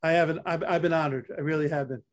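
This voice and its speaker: A man's voice: fairly high pitch, steady tone, quick pace. An older man with a New York accent, from Staten Island, telling stories from his career as an interview guest and often repeating words. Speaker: interview guest, athletic trainer. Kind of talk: casual storytelling interview.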